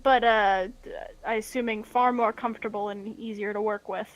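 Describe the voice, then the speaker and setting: A young woman chatting casually with friends before an online tabletop game, telling lively stories and laughing easily. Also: mid-range voice, normal speed, dull audio, a little hiss or hum. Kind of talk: casual chat.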